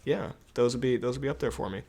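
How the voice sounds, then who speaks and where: A man co-hosting a casual podcast, laid-back and quick with jokes, laughing often between points. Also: medium pitch, gravelly, dark tone. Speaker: podcast co-host. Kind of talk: casual chat. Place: at home in quarantine.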